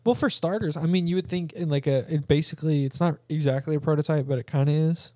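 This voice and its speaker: A man's voice: a little high, fast, warm tone, dry recording, studio quality. A man co-hosting a podcast in casual chat, rambling and joking with frequent laughs. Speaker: podcast co-host.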